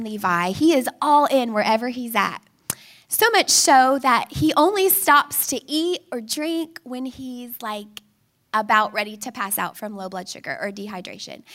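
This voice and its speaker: A woman in her thirties delivers a sermon in a high voice. She talks in a casual, story-driven way and acts out family scenes with rising energy. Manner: animated storytelling, acting out a child and her own pleading. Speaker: speaker.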